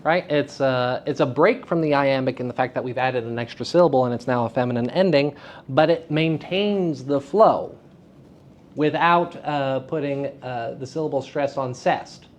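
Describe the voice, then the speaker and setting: A man lecturing acting students at a school workshop, animated and playful, leading them in call-and-response drills. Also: medium pitch, normal speed, dull audio. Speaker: acting teacher. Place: school theater festival workshop room.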